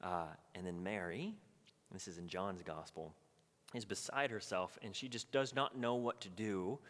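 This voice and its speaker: A pastor with a low voice leads a midweek Bible study at a moderate pace, telling the story with animated energy and slipping into its characters' voices. His speech rings with a long reverb in a church hall.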